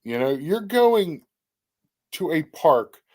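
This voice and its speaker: A man's voice: a little high, big pitch swings, slow pace, darkish tone. A middle-aged man hosting a casual livestream, greeting viewers by name and giving blunt opinions. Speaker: livestream host. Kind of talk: casual chat.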